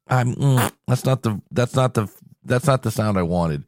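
A man's voice: mid-range voice, expressive, moderate pace, a little mellow, dry recording, studio quality. A male podcast host talking casually on his show, tired and sick with a cold, rambling and joking at himself. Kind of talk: casual solo podcast talk.

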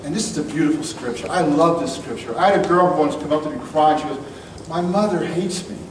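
High-voiced man preaching bluntly in echoey church. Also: quick pace, background noise. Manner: blunt, casual, emphatic preaching. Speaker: pastor. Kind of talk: sermon. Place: church hall. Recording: echoey room, mic at a distance, faint music.

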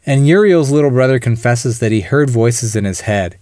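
A man's voice: medium pitch, expressive, moderate pace, darkish tone, no echo, studio quality. A man co-hosting a casual film podcast, retelling a plot in detail and acting out the characters' lines. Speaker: podcast co-host.

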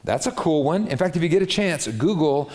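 A middle-aged man preaching a sermon in a church, conversational and animated, jumping up into a higher voice to make his points. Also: fairly quick. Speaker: pastor. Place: church sanctuary.

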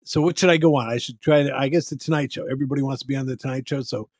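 Animated older man, husky voice. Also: mid-range voice, very fast, no room sound. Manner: animated, acts out voices in his stories; frequent restarts and stammers. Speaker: guest, bubble performer. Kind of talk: casual interview storytelling. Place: podcast room.

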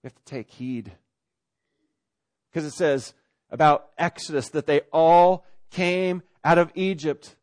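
Man, pastor preaching, slightly high voice, loud bursts then hushed lines. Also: measured pace. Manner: conversational preaching with sudden loud swells and quiet drops. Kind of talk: sermon.

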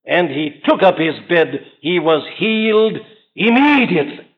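A man's voice: sits high, sing-song, unhurried. A man preaching an impassioned sermon from a church pulpit, with rising and falling emphasis. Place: large church. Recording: dull archival sermon recording.

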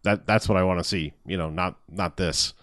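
A man with a somewhat low voice chats casually about a movie, rambling, restarting his sentences and laughing often. The sound is dry and close, with no room around it. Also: steady tone, normal speed, a bit bright, dry recording. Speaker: podcast host. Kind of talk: casual movie review chat.

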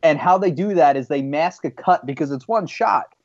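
A man's voice: on the high side, expressive, moderate pace, darkish tone, no echo, dull audio. A man in a casual group chat, explaining his points at length with hesitant fillers.

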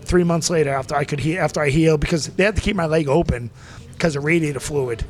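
Interview guest: man, 40s, rambling, animated storyteller, slightly high voice. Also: fast, over music. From Massachusetts. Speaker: interview guest, former pro wrestler. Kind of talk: casual storytelling.

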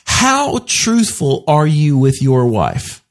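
A middle-aged man with a fairly high, very lively voice chats casually on a podcast. He is earnest, laughs easily and often breaks off mid-sentence. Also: takes it slowly. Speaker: podcast co-host. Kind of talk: casual chat.

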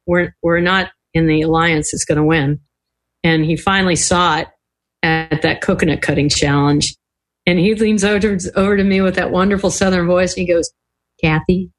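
Lively older woman telling stories. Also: fairly high pitch. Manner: lively storyteller, acts out quoted voices, laughs often. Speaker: podcast guest. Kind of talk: casual storytelling interview.

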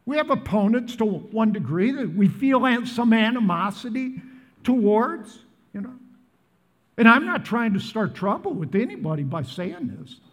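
A man's voice: high voice, expressive, moderate pace, long reverb tail. A man in his seventies from the Midwest, preaching a sermon to a large church and asking the crowd questions again and again. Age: 70s. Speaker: pastor. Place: large church in northern Colorado.

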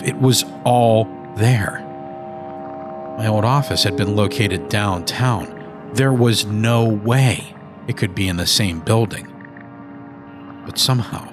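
A man narrating a first-person horror story in a measured, brooding manner. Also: fairly low pitch.

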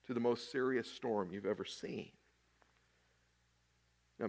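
A man preaching a sermon, swinging between loud emphasis and hushed, quiet lines with long deliberate pauses. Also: fairly high pitch. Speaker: pastor.

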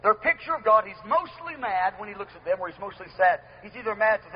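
Male preacher, sermon to a room, very high voice, earnest, emphatic, dull lo-fi recording. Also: lively intonation, quick pace, few pauses. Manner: earnest, emphatic, repeats key phrases. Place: room with a live audience.

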